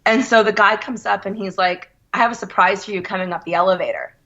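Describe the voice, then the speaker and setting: Woman guest, bright and forceful, animated storyteller, dull lo-fi recording. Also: mid-range voice, fast talker. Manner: animated, quotes others in her story. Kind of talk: casual storytelling.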